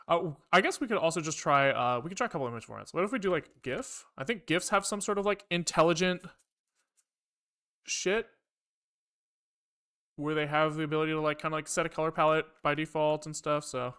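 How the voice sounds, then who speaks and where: A man's voice: on the high side, brisk, bright, forceful tone, clear, resonant tone. A man streaming live as he codes, thinking aloud in a rambling, profane way with wry asides to his chat. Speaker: programming livestreamer. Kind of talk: casual live coding talk.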